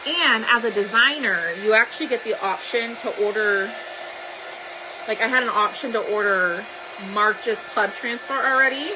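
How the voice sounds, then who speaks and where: A woman's voice: a little high, normal speed, noisy background. A woman hosting a crafting live stream, chatting casually and greeting viewers by name.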